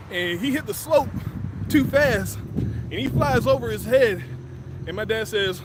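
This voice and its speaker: A man with a high voice tells stories while walking a city street, animated and playful, tossing in sound effects. Loud traffic and gusts of wind roar behind him. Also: moderate pace. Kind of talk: walk-and-talk storytelling.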